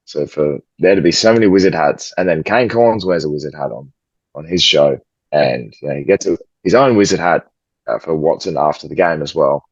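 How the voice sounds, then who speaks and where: A man co-hosts a football podcast in casual banter, cheeky and mock-pompous, and swears freely. His voice sits very low and has a husky grain. The recording is dull and lo-fi on a home mic, with a dry sound. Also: a little fast, dry recording. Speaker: podcast co-host.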